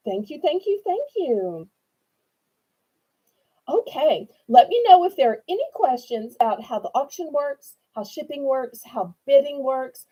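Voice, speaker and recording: A woman's voice: high-pitched, very animated, a little slow, mellow, low-quality recording. A woman, chatting sweetly and eagerly as she hosts a live online auction. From New Orleans, Louisiana. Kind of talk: live-stream sales chat.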